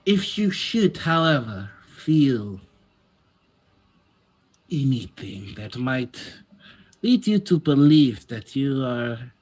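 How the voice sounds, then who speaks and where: A man voicing a formal, courteous adventurer who speaks in measured phrases. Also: medium pitch, big pitch swings, darkish tone, breathy edge, heavily acted. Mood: earnest.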